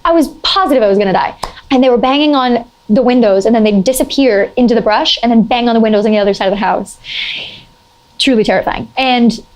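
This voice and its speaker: Young adult woman, slightly high-pitched, casual storytelling, animated, lots of "like" fillers, sudden high exclamations. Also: quick pace. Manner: animated, heavy use of "like" fillers.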